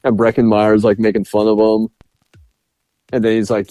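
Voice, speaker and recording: A man's voice: on the low side, monotone, moderate pace, pauses often, mellow, dry recording. A man co-hosting a podcast, reviewing a film in casual chat, laughing often and swearing enthusiastically. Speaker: podcast co-host.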